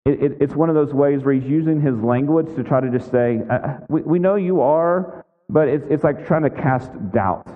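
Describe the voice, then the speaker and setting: Male pastor, conversational sermon, mid-pitched voice, tinny phone-like sound, long church reverb. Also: brisk, hardly any pauses. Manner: conversational, with frequent "right?" asides and restarts. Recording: tinny lo-fi sound in a big echoing hall.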